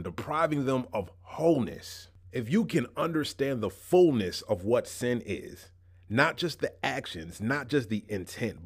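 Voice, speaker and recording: A man preaching a sermon in a relaxed, conversational way, slipping in casual slang and shifting his pace between slow emphasis and quick asides. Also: mid-range voice. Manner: uneven pace, slowing for emphasis and rushing asides. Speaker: pastor.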